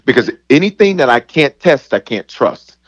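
A man, a bishop and pastor, talking about love in a lively, preacherly way with playful asides. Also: mid-range voice, normal speed, husky, lo-fi sound. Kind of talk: preaching in casual conversation.

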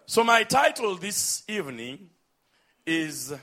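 A man preaching a sermon, with emphatic, drawn-out phrases, calling on the congregation to respond. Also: high voice, big pitch swings, pushed and bright.

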